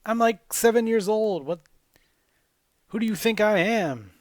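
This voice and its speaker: A man's voice: high voice, lively intonation, measured pace, no room sound, studio quality, voice pushed up. A man voicing a naive, whiny seven-year-old boy hero who sounds exasperated.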